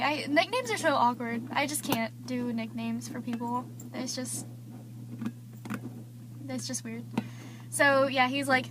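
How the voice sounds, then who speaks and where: A woman's voice: high voice, fairly even intonation, measured pace, background noise. A teenage girl vlogging, rambling through gossip with lots of fillers. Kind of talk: casual gossip vlog.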